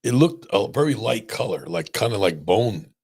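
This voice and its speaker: Brief: male surgeon host, very deep gravelly voice, chatty storyteller. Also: moderate pace. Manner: animated storyteller, many restarts and "right?" checks. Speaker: spine surgeon and podcast host. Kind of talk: casual podcast conversation.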